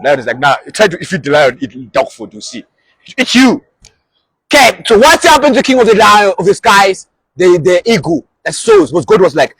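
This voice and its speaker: A man preaching an energetic sermon, animated, acting out short quoted voices along the way. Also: a little high, husky, no echo.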